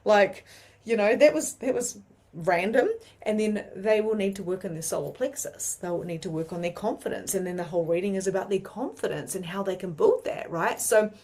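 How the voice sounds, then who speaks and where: A woman with a New Zealand accent teaching mediumship in a chatty, animated way, with many fillers. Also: mid-range voice, moderate pace. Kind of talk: casual teaching monologue.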